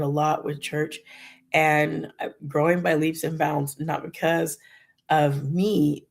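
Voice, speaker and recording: A woman's voice: low voice, gravelly, breathy edge. A middle-aged woman talking in a rambling, conversational way as she shares a candid personal faith testimony on her channel. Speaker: Christian vlogger.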